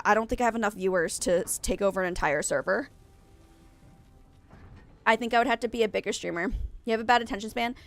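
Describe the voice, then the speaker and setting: In a dry recording, a young woman with a fairly high, fairly bright voice chats casually with her viewers as she streams a game. Her talk rambles, she often corrects herself, and her nose sounds blocked.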